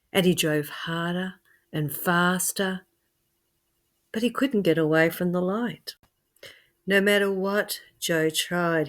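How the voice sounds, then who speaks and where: Slow-talking woman storyteller. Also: lowish voice. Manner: expressive, swings from hushed to loud. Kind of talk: dramatic spoken storytelling.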